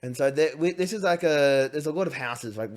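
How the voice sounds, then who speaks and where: A young man, hosting a podcast and telling a story in a casual way, swearing freely and acting out shouted quotes. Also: fairly high pitch, a little fast. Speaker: podcast host.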